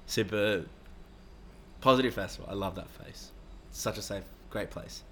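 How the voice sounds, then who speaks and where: A man's voice: lowish voice, normal speed, a little hiss or hum. A young man telling a rambling story in casual, sweary talk, acting out quoted voices. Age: young adult. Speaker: interviewee.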